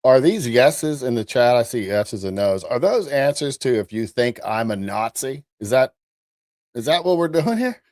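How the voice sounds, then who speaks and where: Animated male live-stream host. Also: medium pitch, normal speed, no room sound, studio quality. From United States. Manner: animated, talking straight to viewers.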